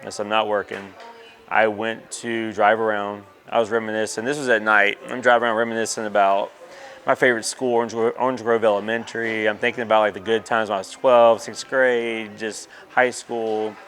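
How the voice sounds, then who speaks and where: A man's voice: fairly low pitch, little pitch movement, brisk, a bit bright. A man, candidly telling a personal story in an interview, with many fillers. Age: 30s.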